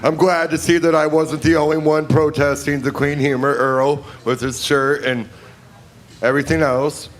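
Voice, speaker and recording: A man's voice: on the high side, flat delivery, moderate pace. Rambling self-mocking male comic. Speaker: stand-up comic. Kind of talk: stand-up routine.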